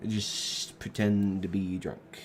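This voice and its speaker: A man's voice: sits low, little pitch movement, takes it slowly, darkish tone, a little hiss or hum. A sick young man with a cough, giving rambling, joking gameplay commentary into a desk microphone and drifting off mid-thought. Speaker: gaming video creator.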